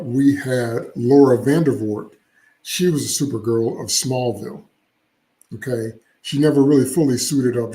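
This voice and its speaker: A man's voice: medium pitch, mellow, reverberant, low-quality recording. A man hosting casual solo commentary, opinionated and chatty with frequent asides. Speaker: comics channel host.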